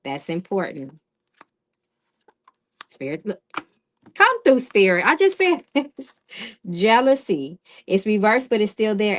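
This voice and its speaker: A woman reading tarot live for an online audience, her pitch sitting right in the ordinary middle. She speaks plainly and directly, pausing to ask "okay?" and to call out to chat viewers between cards. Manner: direct and casual, often checking in with "okay?" and greeting chat viewers. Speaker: tarot reader hosting a live stream.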